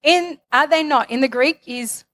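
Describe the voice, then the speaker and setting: A woman's voice: high voice, a little slow, fairly bright tone. A woman preaching a sermon, building to fervent declarations and calling on the congregation for amens. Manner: calls for amens.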